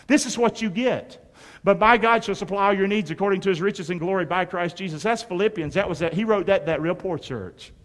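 A man's voice: high-pitched, brisk, big-room sound. A man preaching a sermon as pastor, emphatic and drawing the congregation to respond. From North Carolina.

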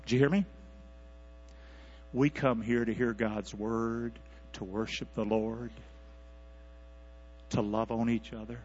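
A man preaching a sermon as pastor, calling out for responses from his congregation and swinging from quiet asides to loud, high-pitched exhortation. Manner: calls for congregation responses, animated rising delivery. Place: church sanctuary. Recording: dull lo-fi church recording with mains hum.

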